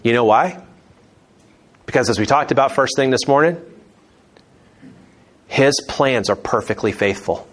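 A man's voice: medium pitch, a little slow, pauses often. A man leading a conversational Bible teaching, chatty, with joking asides and restarts.

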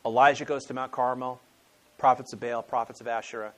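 A man's voice: medium pitch, little pitch movement, fairly quick, fairly bright tone. Conversational man preaching a sermon. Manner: conversational storytelling, acts out quotes, frequent restarts. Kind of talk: expository sermon.

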